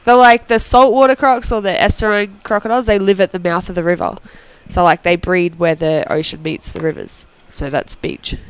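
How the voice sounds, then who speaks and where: A woman's voice: lowish voice, fairly even intonation, normal speed, hardly any pauses, clean tone. A young woman with an Australian accent from Queensland, chatting casually as a studio guest, easygoing and sprinkling her talk with "like". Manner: easygoing, laughs often, many "like" fillers. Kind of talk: casual chat. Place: radio studio.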